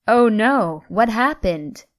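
A woman's voice: on the high side, animated, takes it slowly, no room sound, clean studio sound. A woman voicing an easygoing, bashful teenage American boy in plain, mildly flustered lines.

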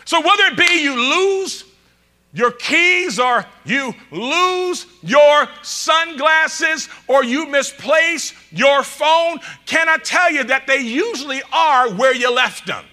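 Man, pastor, sermon, call-and-response, very bright tone. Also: very high voice, lively intonation, takes it slowly. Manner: call-and-response preaching, dramatic swings from loud to quiet. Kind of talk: preaching a sermon.

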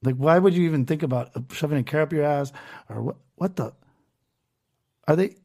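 A man hosts a loose, profane podcast and rants as he reads out online comments. His voice sits somewhat high for a man. He swears freely and talks in a casual, running way. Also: brisk, mellow. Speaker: podcast host.

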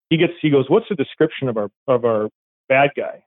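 A police dog handler telling a story in a rambling, casual way, acting out quoted dialogue. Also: male voice, mid-range voice, fast talker, no room sound. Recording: tinny phone-like line, dry.

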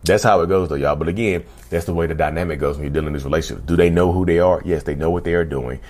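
A man with a very low voice talks straight to his viewers. He keeps the tone casual and conversational and often calls them "y'all". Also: very fast, a little mellow. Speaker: vlogger talking about narcissism. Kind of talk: casual direct-to-camera monologue.

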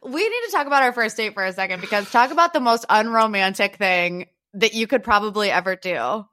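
A woman's voice: mid-range voice, lively intonation, fairly quick, sharp tone. A young woman hosting a podcast, chatting in a giggly, teasing way. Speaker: podcast host. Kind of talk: casual chat.

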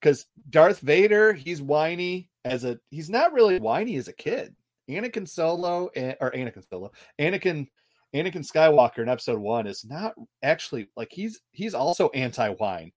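A man chatting casually as a podcast co-host, rambling and animated, with lots of fillers and restarts. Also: a little high, normal speed. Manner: rambling, animated, quotes characters in put-on voices. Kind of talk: casual chat.

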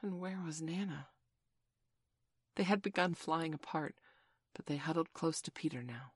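Low-voiced woman reading a storybook. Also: moderate pace, slightly rough, no room sound. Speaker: narrator. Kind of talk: storybook narration.

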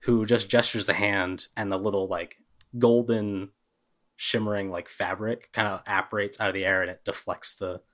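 A man narrating a tabletop game as game master in a relaxed way, with many ums. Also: fairly low pitch, normal speed.

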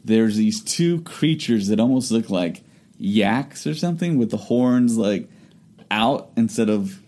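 A man co-hosting a casual chat, relaxed, explaining details steadily. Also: fairly low pitch, a little slow. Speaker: podcast co-host.

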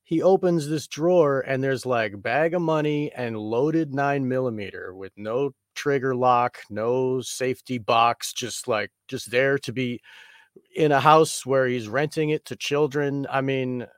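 A man's voice: medium pitch, unhurried, no room sound. A man speaks in a loose, rambling way on a podcast and keeps hedging with "you know". His voice is recorded close and dry, with no room sound. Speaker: podcast co-host. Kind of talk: film discussion podcast.

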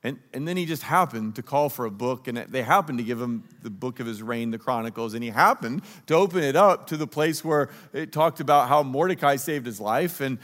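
A man's voice: mid-range voice, lively intonation, brisk, few pauses, a bit bright. A male pastor preaching a sermon, telling the story and acting out the characters' lines. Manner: storytelling, acts out dialogue of the characters.

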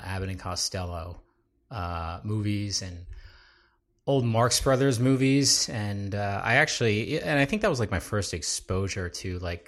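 Low-voiced south jersey guy, comedy writer, easygoing, lots of ums. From South Jersey, United States. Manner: relaxed, halting, lots of fillers. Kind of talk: casual interview chat.

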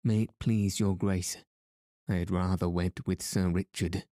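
A man's voice: deep voice, steady tone, measured pace, warm tone, dry recording, clean studio sound. A man reading the lines of an earnest young noblewoman in a formal way.

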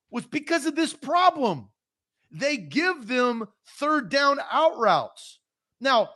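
A man's voice: sits high, sharp tone. A man co-hosting a sports talk show, emphatic and heated, repeating his points. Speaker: podcast co-host.

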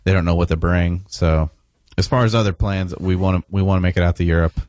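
A man who is a touring musician, talking candidly and relaxed in a radio studio interview, swearing casually. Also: deep voice, quick pace, no room sound.

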